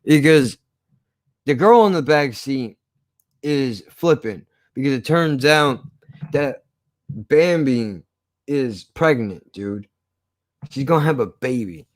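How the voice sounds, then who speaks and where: A man's voice: mid-range voice, takes it slowly, long pauses, no echo. A man casually telling a story from his past, swearing often and acting out the argument. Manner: profane, animated retelling.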